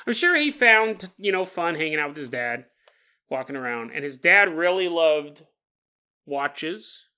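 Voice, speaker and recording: A man telling a paranormal story on his podcast, his voice swinging freely up and down in pitch. The tone is bright and forward, and he breaks into laughter mid-sentence as he talks. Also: big pitch swings, a little slow, smooth. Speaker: podcast host.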